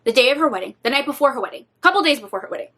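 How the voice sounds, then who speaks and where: Animated high-voiced woman book vlogger. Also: racing. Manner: animated, dramatic, swears freely. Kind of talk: casual reading vlog chat.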